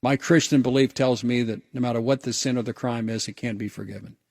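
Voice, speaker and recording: A man's voice: mid-range voice, fairly even intonation, quick pace, darkish tone, no echo, clean studio sound. A man who hosts a radio show, telling a personal story in an earnest, reflective way, often restarting his words. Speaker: radio host.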